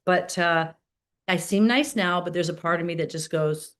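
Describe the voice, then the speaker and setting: A middle-aged woman from Canada, an actor chatting as an interview guest, talking in quick restarts and lots of "like". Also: lowish voice, fairly bright tone. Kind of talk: casual interview chat.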